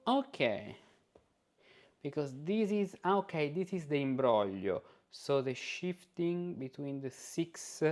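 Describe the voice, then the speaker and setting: A man teaching music composition in an informal lesson, singing rhythms and note syllables aloud to demonstrate his points as he thinks out loud. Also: on the high side, lively intonation, slow pace.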